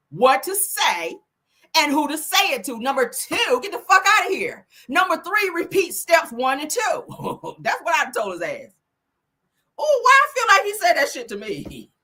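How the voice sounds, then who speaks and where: A woman doing casual celebrity gossip commentary, loud, sassy and profane. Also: medium pitch, husky.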